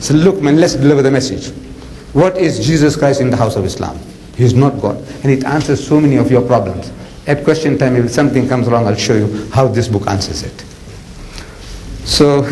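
A man preaching a lecture, animated and jokey, telling stories with acted-out voices. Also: medium pitch, a little hiss or hum, low-quality recording. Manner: animated, jokey, acts out characters. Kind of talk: lecture with dramatic storytelling.

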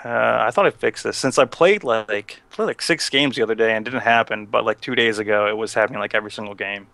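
A young male co-host talking casually over a game, halting and filler-heavy as he explains. His voice is bright and smooth, clean in tone. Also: lowish voice, no room sound. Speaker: podcast co-host. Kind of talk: casual chat while gaming.

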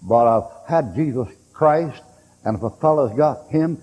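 A man's voice: medium pitch, lively intonation, unhurried, slightly rough, dull audio. A man preaching a sermon in a folksy storytelling way, acting out the voices in his stories. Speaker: pastor. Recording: reverberant hall recording.

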